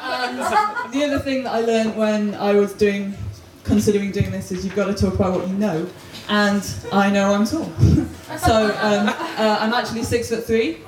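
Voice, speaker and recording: A woman's voice: medium pitch, normal speed, few pauses. A young woman doing a stand-up comedy set at a pub comedy night, self-deprecating and laughing at her own jokes. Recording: loud roomy pub recording from far off.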